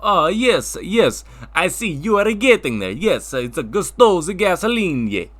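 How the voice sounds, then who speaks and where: A man voicing a proud Italian businessman in a comedic talk show sketch, with a put-on Italian accent and slow, sing-song speech. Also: high-pitched, big pitch swings, bright, forceful tone, pitched above the performer's own voice, full character voice. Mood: cheerful, proud. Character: boastful Italian businessman with very long name, adult man.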